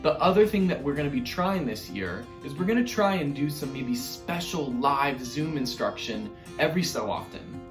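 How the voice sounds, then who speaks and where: A man's voice: medium pitch, animated, moderate pace, few pauses. A man teaching an online music lesson to young children, upbeat and encouraging as he speaks straight to the kids. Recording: roomy echo with faint music.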